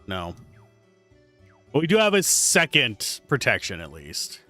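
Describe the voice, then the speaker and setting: A man's voice: medium pitch, huge pitch swings, measured pace, sharp tone, soft background music. A man streaming a game live, chatting casually and joking while reading game text aloud. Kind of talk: casual live gameplay commentary.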